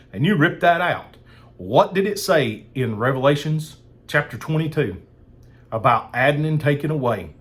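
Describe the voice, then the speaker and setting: A man's voice: on the high side, lively intonation, moderate pace. A man preaching a sermon in a fired-up, emphatic way, repeating phrases for emphasis.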